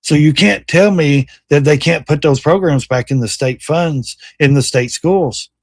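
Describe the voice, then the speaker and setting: With a fairly high voice at a measured pace, a middle-aged livestream host delivers casual, blunt, animated commentary on clips, swearing and mocking along the way. The recording is dry.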